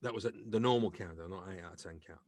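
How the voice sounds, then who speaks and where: A man's voice: low voice, quick pace, dry recording. A middle-aged man from England, a comedian and actor, chatting as a podcast guest and acting out the people in his stories. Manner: lively storyteller who acts out quoted voices. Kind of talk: casual anecdotal chat.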